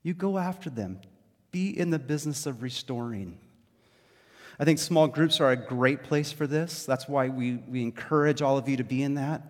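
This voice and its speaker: Pastor preaching in a reverberant hall. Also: male voice, mid-range voice, normal speed. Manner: conversational, animated storytelling with many fillers. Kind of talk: sermon.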